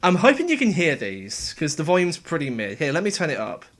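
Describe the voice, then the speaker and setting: A young man casually explaining how he made game voices, talking in a relaxed, halting way. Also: a little high. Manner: halting, relaxed, with fillers and restarts. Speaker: game voice actor and sound editor. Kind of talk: casual developer commentary.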